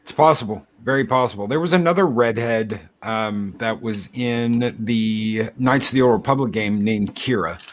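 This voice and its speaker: A man's voice: on the low side, normal speed, few pauses. A man guesting on a casual fan chat, skeptical and argumentative, stumbling over restarts.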